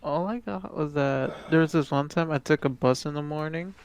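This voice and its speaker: A man's voice: fairly high pitch, moderate pace, a little hiss or hum. Young man telling a rambling story. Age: young adult. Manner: rambling storyteller, many fillers and restarts. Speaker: podcast co-host. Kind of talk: casual chat.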